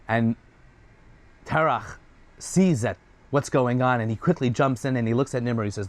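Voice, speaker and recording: A man telling a story in a lively, animated way, with quick restarts. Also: medium pitch, no echo. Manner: lively, with restarts and many voices.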